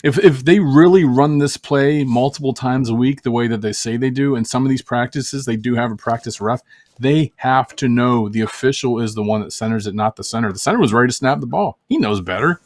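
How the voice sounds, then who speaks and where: A man's voice: medium pitch, a little fast, darkish tone, no echo. A man co-hosting a casual sports talk show, wry and analytical. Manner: wry, analytical, laughs at the absurd.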